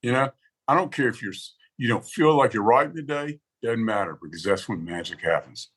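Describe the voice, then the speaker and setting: A male podcast guest who advocates for songwriters chats casually in an interview, speaking fairly quickly in a husky, medium-pitched voice. He's an animated storyteller who acts out other people's reactions as he quotes them, though the audio quality is poor.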